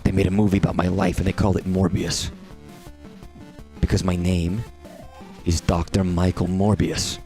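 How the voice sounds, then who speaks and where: A man putting on a slow, self-important doctor who keeps repeating his own name. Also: deep voice, flat delivery, a little mellow, soft background music, pitched below the performer's own voice, natural voice. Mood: droning. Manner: slow, droning, repetitive.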